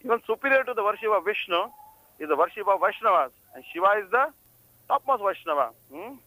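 A man's voice: high voice, very animated, fast talker, bright, forceful tone, no room sound, poor audio. A man giving a spiritual discourse, telling stories and often checking in with listeners with a questioning "hmm?". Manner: storytelling, frequent "hmm?" prompts to listeners. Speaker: religious speaker. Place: on a pilgrimage journey.

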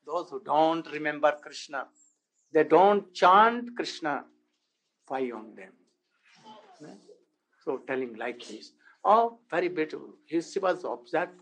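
A man giving a devotional lecture as a spiritual teacher, telling a sacred story in halting non-native English and asking his listeners rhetorical questions. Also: fairly high pitch, lively intonation, a bit bright, low-quality recording.

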